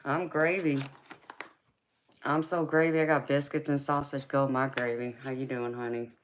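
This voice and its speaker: A woman with a Southern US twang, softly chatting with her livestream viewers and calling them honey and baby. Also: rumbling low, flat delivery, normal speed, a little hiss or hum. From California. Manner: soft-spoken, affectionate, calls viewers honey and baby. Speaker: livestream host and tarot reader. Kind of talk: casual live chat with viewers.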